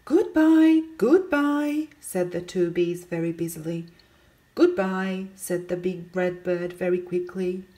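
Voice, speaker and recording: A woman's voice: fairly low pitch, completely flat delivery, moderate pace, hardly any pauses, mellow. A woman reading a children's picture book aloud, asking her young listeners questions and calling out the characters' greetings. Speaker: storybook reader.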